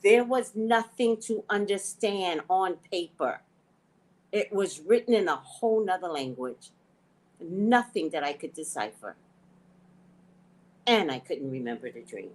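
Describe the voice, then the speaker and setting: A woman hosting a spiritual talk show, telling stories in a casual, animated way, often laughing and acting out her own thoughts. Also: fairly low pitch, poor audio. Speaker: psychic reader and show host.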